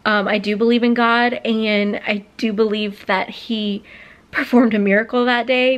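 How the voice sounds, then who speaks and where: A woman's voice: on the high side, fairly even intonation, measured pace. A woman in her late twenties telling a personal story on her vlog, rambling with many fillers and close to tears. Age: late 20s. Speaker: vlogger.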